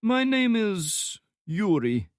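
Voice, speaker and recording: A man's voice: sits high, sing-song, takes it slowly, clean tone, dry recording, studio quality, voice pushed up, full character voice. A man putting on a jovial Slavic torturer. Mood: chummy. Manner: friendly banter masking cruel threats. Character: menacing wiry male Slavic torturer, jovial.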